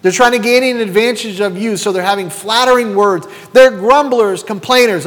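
A man's voice: sits high, normal speed, few pauses, fairly bright tone. A man in his fifties preaching a sermon as pastor, throwing rhetorical questions at the congregation. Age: 50s. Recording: long hall reverb.

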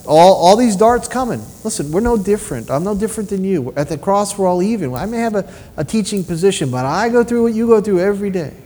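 A man preaching a sermon with personal testimony, telling stories in an animated way and asking rhetorical questions. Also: high voice, fast, hardly any pauses. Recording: long reverb of a large hall.

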